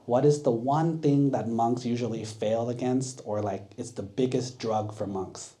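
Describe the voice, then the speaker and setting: A monk putting on a band of resentful rival teachers, grumbling and aggrieved about what they have lost. The voice stays mellow and low-key, a storybook villain group told aloud to children. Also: male voice, fairly even intonation, a little slow, lightly acted. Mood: scheming. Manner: aggrieved, complaining. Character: upset rival male teachers, resentful and sassy.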